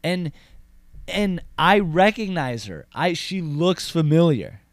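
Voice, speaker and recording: An actor playing a lonesome, boastful cowboy rancher with a Southern drawl, rambling deadpan with tough-guy bravado and swearing. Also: on the high side, slow pace, no echo, clean studio sound, exaggerated voice. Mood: brooding. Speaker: comedy character host. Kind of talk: deadpan comic monologue.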